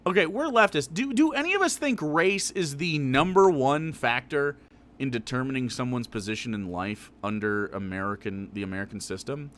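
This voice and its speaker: Animated, swearing male streamer. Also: mid-range voice, moderate pace, slight background noise. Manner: profane, laughing, talks back at the video. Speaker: streamer reacting to a video. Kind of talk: live reaction commentary.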